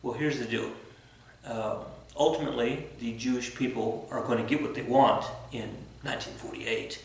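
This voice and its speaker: A man's voice: mid-range voice, steady tone, normal speed. A male teacher giving a casual, rambling lecture with lots of self-corrections and fillers. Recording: very echoey room, from far off the mic.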